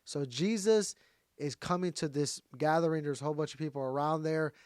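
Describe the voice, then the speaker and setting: A man's voice: a little high, brisk, a little mellow, clean tone, no room sound, studio quality. A man teaching from the Bible in a casual sermon style, talking straight to his viewers. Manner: conversational, talks straight to viewers.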